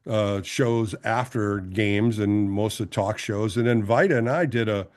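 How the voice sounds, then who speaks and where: A man's voice: on the low side, measured pace. A man in his sixties, a former ballplayer turned broadcaster, telling stories as a guest in a casual interview and acting out the voices of the people he quotes. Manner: animated storyteller who acts out quoted voices.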